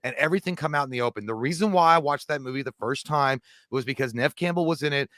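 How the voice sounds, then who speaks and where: Male co-host, talks fast, rambling and joking, dry close sound. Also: medium pitch, a bit bright, dry recording. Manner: rambling, joking, full of asides and restarts. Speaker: podcast co-host. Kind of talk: casual live-stream banter.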